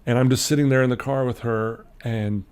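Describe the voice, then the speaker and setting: This middle-aged man's voice is clear and resonant, medium-pitched and fairly quick. A podcast guest from Utah, USA, he tells a personal story during a casual interview, animatedly acting out each quoted voice.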